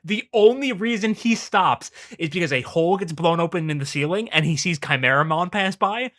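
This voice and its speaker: A man co-hosting a podcast, excitedly retelling scenes in casual chat, swearing often and leaning on "like" as filler. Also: high-pitched, moderate pace. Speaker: podcast co-host.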